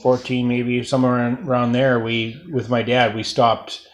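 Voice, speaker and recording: A man interviewing relatives about his family history, casual and halting, with many fillers and restarts. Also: medium pitch, monotone, reverberant.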